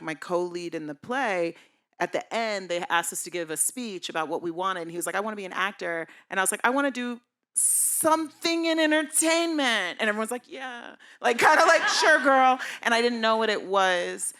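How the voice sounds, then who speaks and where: A woman's voice: fairly low pitch, a bit bright. A woman producer on a panel, telling candid stories and acting out her younger self with casual swearing.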